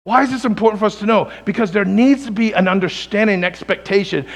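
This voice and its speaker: A man's voice: high-pitched, fast talker. A man preaching a sermon as pastor in a church, telling stories and calling on the congregation for an amen. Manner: call-and-response preaching, often asking the congregation for an amen; storytelling with rising emphatic peaks.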